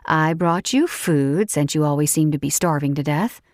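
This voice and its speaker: A woman's voice: sits low, moderate pace, a little mellow, dry recording, clean studio sound, natural voice. A woman voicing a frank, caring female friend in an audiobook.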